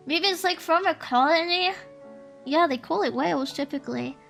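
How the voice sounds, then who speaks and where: A woman's voice: very high voice, moderate pace, creaky, a bit bright, faint music behind. A woman streamer in casual stream chat, rambling and giggly as she thinks aloud.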